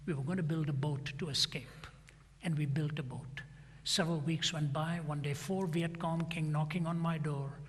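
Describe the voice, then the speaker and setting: Husky male preacher in a reverberant hall. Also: on the high side, fairly even intonation, normal speed. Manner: retells a dialogue, acting out both sides. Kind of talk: sermon storytelling.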